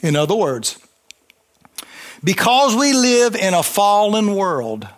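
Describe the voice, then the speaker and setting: A man preaching a sermon, fervent, with call-and-response and swings between loud emphasis and quiet intensity. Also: sits high, sing-song, takes it slowly.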